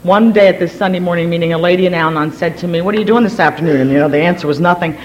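A woman from Virginia telling her recovery story to a gathering, energetic and hyper, rambling with many restarts and self-deprecating asides. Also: fairly low pitch, racing, slight background noise, poor audio. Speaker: speaker sharing at a recovery gathering. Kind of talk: personal story told to a gathering.

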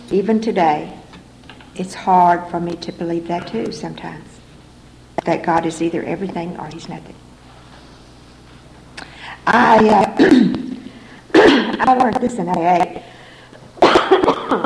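Slow, gravelly woman sharing her story. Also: mid-range voice. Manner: earnest, repetitive storytelling. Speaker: recovery meeting speaker. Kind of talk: personal testimony to an audience. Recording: echoey room recording, faint background noise.

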